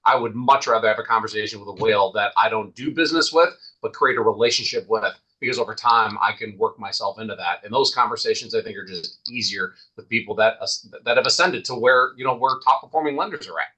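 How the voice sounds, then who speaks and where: A man's voice: fairly low pitch, fast, few pauses, bright, forceful tone, husky, poor audio. A man talking as a guest in a casual podcast interview, emphatic and repeating points for stress.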